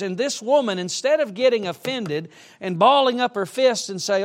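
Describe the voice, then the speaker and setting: A middle-aged male preacher with a notably high voice delivers a sermon in a church. He speaks emphatically and breaks up his points with humorous asides. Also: moderate pace, hardly any pauses. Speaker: traveling preacher. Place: church sanctuary.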